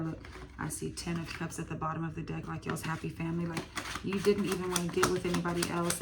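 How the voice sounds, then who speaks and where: A woman's voice: lowish voice, creaky, heavy background noise. A woman giving a casual tarot reading, thinking aloud with lots of fillers and the odd swear word. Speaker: tarot reader.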